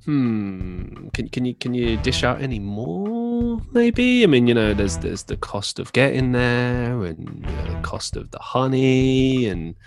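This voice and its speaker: A man's voice: medium pitch, very animated, unhurried, creaky, hardly any pauses, soft background music. Playful guy haggling over a price. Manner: playful, haggling, laughs often. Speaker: guest. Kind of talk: casual podcast chat.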